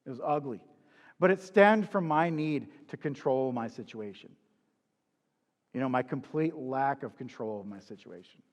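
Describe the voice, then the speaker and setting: A man's voice: mid-range voice, lively intonation, moderate pace, long reverb tail. A man preaching in a conversational, confessional way, asking the listener rhetorical questions. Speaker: pastor. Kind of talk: sermon.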